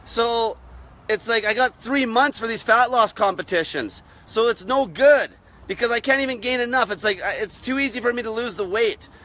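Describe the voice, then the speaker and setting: A young man who hosts a diet channel rants to camera about dieting, blunt, aggressive, and swearing constantly. His voice is extremely high-pitched and sharp, at normal speed.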